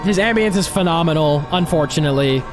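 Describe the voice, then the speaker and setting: A music producer giving casual, emphatic reaction commentary, excitable and given to repeating words and swearing. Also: medium pitch, fast talker. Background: game chase music playing faintly.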